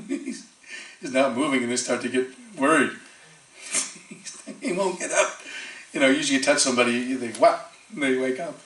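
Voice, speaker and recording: A man giving a storytelling sermon at a temple, animated and chatty, acting out the voices in his stories with many fillers. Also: mid-range voice, normal speed, pauses often. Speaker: temple speaker. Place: temple hall. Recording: echoey hall, distant mic.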